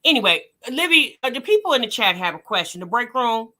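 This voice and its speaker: A woman hosting a reaction show, commenting with loud, teasing exclamations. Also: a little high, sing-song, a little fast.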